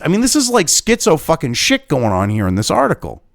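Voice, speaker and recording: A man's voice: fairly high pitch, wildly swooping pitch, fairly quick, gravelly. A man with a New England accent, hosting his own news commentary and ranting at an article, swearing constantly and sounding exasperated.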